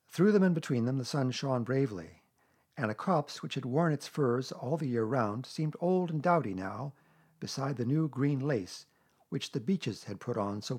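A man reading a children's storybook aloud in a gentle, measured way. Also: medium pitch, slightly rough. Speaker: narrator.

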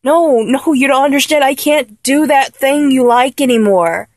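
A woman in a one-sided audio role-play, talking in a halting, stammering, apologetic way. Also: high-pitched, dry recording. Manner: halting, stammering, with many restarts.

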